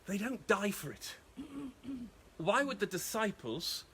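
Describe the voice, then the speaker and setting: A man preaching as a pastor, telling a Bible story in a playful, animated way with frequent laughs. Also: high-pitched, slow, breathy edge. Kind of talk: lively Bible storytelling sermon.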